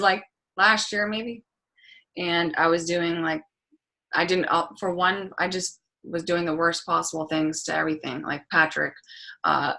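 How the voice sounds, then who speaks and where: Coaching a group over video, this fitness and business coach speaks bluntly and candidly in a casual motivational style, dropping plenty of "like" and a few swear words. Her voice sits on the low side, with vocal fry and a bright, forceful quality.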